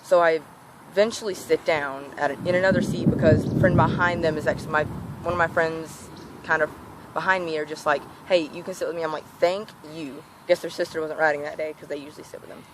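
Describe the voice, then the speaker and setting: A woman's voice: low-pitched, quick pace, noisy background. A teenage girl telling a storytime rant in a casual vlog, acting out what people said. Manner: animated, acts out quoted voices. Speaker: vlogger.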